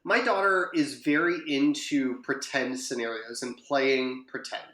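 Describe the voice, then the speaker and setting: A man's voice: medium pitch, steady tone, measured pace, fairly bright tone, echoey room. A man co-hosting a podcast, chatting casually and rambling through a story with fillers and self-corrections. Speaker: podcast co-host. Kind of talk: casual chat.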